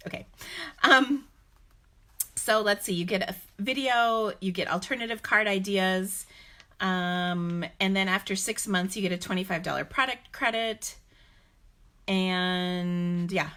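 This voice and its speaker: A woman's voice: mid-range voice, measured pace, fairly bright tone. A woman hosting a live card-making stream, talking in a chatty, rambling way with many fillers. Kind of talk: casual live-stream talk.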